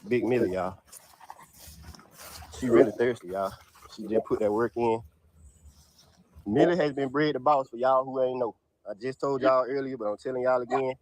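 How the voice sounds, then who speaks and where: A man, casually pitching his dogs for sale to viewers outdoors in his yard, peppering his talk with "y'all". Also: moderate pace, pauses often, darkish tone, slight background noise. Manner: drawls "y'all" constantly, Southern US dialect. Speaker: dog breeder selling dogs.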